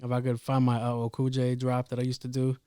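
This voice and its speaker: A man hosting a casual solo podcast, telling a story about his day in a profane, rambling, animated way. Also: mid-range voice, quick pace, clean tone, no room sound, clean studio sound. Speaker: podcast host.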